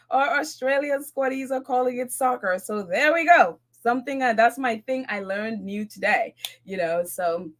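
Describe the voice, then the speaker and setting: A woman's voice: a little high, expressive, normal speed, fairly bright tone. A woman hosting a casual live-stream show, chatty and laughing often, a little out of breath. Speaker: podcast host.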